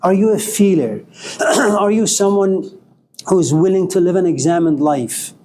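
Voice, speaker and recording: Guy giving a chatty spiritual talk to a room, bit high voice, soft mellow tone, jokes around. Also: moderate pace, slight background noise. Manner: joking, storytelling, conversational. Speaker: spiritual lecturer. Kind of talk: informal lecture with audience questions. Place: lecture room with live audience.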